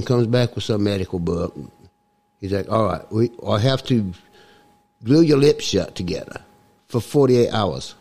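A man's voice: medium pitch, darkish tone. Guy putting on a cockney accent, spinning a rambling tall tale, garage podcast. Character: man putting on a fake Cockney voice.

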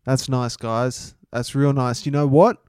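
A man doing a deadpan, clueless drama teacher. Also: mid-range voice, unhurried, clean tone, no echo, studio quality, lightly acted. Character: inappropriate male drama teacher, oblivious.

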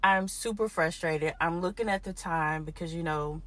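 A woman with a fairly low voice tells a long story on her podcast. She is animated and exasperated, and she turns aside to talk to her listeners as she goes. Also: normal speed. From Houston. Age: adult parent. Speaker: podcast host. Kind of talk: casual storytelling monologue.

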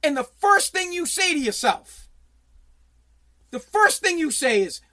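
A high-pitched voice rants about sports with heated, blunt energy and plenty of swearing. The talker often starts over mid-sentence and reads viewer comments aloud. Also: very animated, measured pace, pauses often, bright, forceful tone. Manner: heated, profane, blunt, with frequent repeated restarts.

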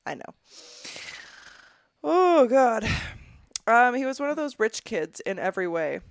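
A young woman co-hosting a podcast in a studio, with a gravelly edge to her voice. She reads a letter aloud and stops often to give blunt, profane opinions of it. The sound is close and dry. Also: mid-range voice, big pitch swings, fairly quick, a bit bright, no room sound. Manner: blunt, profane, disgusted commentary with frequent laughs. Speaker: podcast co-host. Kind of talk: casual podcast chat, reading a listener letter aloud.

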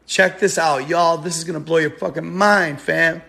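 A man's voice: a little high, steady tone, normal speed, vocal fry, pushed and bright. A young man rambling casually to his viewers in a live stream, slangy and laughing often.

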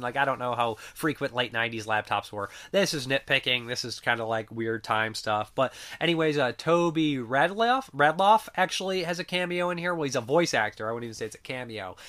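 A man's voice: medium pitch, bright, forceful tone. A man casually reviewing horror movies, rambling with many fillers and frequent swearing, while sick.

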